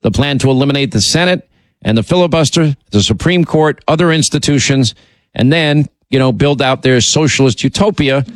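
Guy ranting on his talk show, sarcastic and combative, mid pitch, dead dry sound. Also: a little fast, dry recording. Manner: combative, sarcastic, many restarts and asides. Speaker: political talk host. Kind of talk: monologue commentary.

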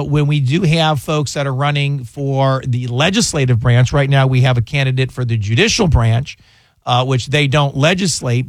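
Hoarse, chatty male radio host. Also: medium pitch, no echo. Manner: chatty and jokey, with quick asides. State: hoarse, losing his voice. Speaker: radio call-in host and criminal lawyer. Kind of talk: talk radio call-in. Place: radio studio. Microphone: studio microphone.

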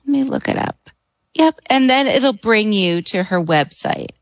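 A woman's voice: mid-range voice, animated, a little slow, dry recording, low-quality recording. Chatty enthusiastic woman on radio. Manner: enthusiastic, chatty, laughs often. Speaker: hypnotherapist guest. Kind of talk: radio talk show interview.

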